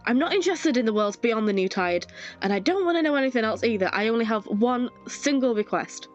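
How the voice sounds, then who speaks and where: A woman's voice: fairly high pitch, expressive, brisk, close to an everyday voice. A woman voicing a smug, condescending cult operative in a game who makes threats. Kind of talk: fan voice-over of a game scene. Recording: dull lo-fi with faint music.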